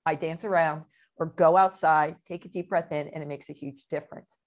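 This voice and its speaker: A woman who is a motivational speaker, telling stories as an interview guest in an animated way, often laughing and acting out quotes. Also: low-pitched, a little fast, highs cut off. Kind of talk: casual interview storytelling.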